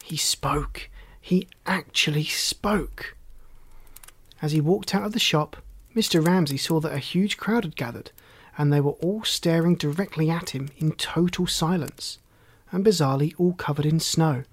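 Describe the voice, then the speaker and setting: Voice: medium pitch, normal speed, dry recording. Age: adult. Role: storyteller. Style: children's storybook narration. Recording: dry.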